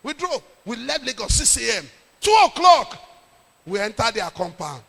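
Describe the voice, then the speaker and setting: A middle-aged Nigerian man, a pastor, telling a lively story in a sermon with jokes and pidgin. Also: high voice, fairly quick, vocal fry, breathy edge, big-room sound.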